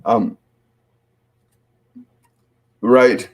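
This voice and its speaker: A man hosting a live psychic reading, calmly relaying spirit messages in a halting way full of restarts and fillers. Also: medium pitch. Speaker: psychic medium host.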